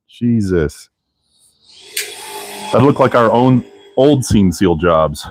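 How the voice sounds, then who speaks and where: Low-voiced man swearing through shop talk. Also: expressive, slow, pauses often, no room sound. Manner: loose, profanity-heavy shop talk. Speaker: garage owner and live-stream host. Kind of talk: casual live-stream chat while working. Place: car restoration garage.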